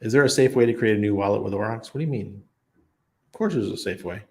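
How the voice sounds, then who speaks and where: A man's voice: on the low side, quick pace. A man hosting a casual livestream, reading out viewer comments and answering them off the cuff in a chatty way. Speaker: crypto livestream host. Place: home in Panama.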